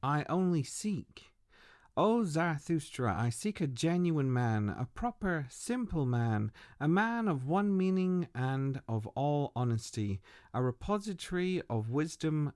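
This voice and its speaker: A worn-out, deceitful old sorcerer, put on by a man reading a book. He pleads and pities himself, his voice swinging through a wide range at a slow, heavy pace. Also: mid-range voice, darkish tone, no room sound, clean studio sound. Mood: searching. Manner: pleading, self-pitying.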